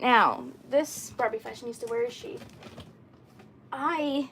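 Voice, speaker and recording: A woman with a somewhat high voice chats casually as she shows off her doll collection. She rambles along with plenty of fillers and keeps clearing her throat. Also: takes it slowly, a bit bright, a little hiss or hum. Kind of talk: casual chat showing dolls.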